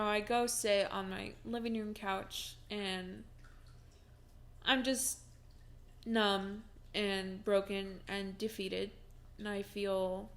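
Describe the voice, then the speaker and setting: A woman's voice: medium pitch, creaky. A young woman vlogging from home, telling a personal story in a casual, chatty way with many fillers and restarts, and breaking into laughs as she talks.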